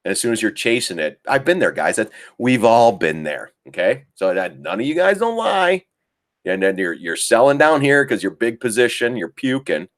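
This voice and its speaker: A man with a mid-range voice and big pitch swings speaks at a moderate pace. Hosting a live trading stream, he talks about charts casually, laughs often, and mimics panicked traders, making for relaxed live market commentary.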